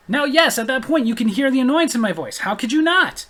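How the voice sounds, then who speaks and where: A man's voice: very high-pitched, expressive, brisk, a bit bright. A man telling a story in a casual, blunt, exasperated ranting way. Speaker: storyteller vlogger.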